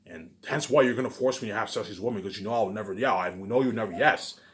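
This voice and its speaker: A man whose voice sits on the low side and sounds a bit bright brags quickly and at length. He circles back over the same points, padding every line with "obviously" and "you know what I'm saying."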